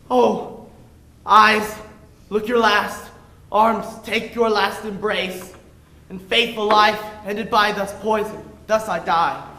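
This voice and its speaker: A man's voice: sits high, vocal fry, pushed and bright, a little hiss or hum, exaggerated voice. A man on stage playing a lovesick, dramatic young male hero, delivering every line melodramatically. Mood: melodramatic. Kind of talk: amateur stage comedy. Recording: distant, echoey stage recording.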